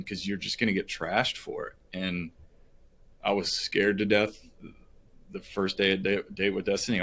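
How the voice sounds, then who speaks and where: Deep-voiced man telling a heartfelt story. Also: a little hiss or hum. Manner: earnest, rambling, with many fillers and restarts. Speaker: podcast guest. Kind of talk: emotional personal storytelling.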